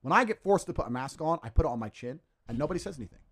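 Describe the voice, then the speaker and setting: A man talking as a podcast guest, ranting forcefully and with lots of profanity. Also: on the high side, lively intonation, rapid-fire, a crowd in the background. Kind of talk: casual podcast conversation.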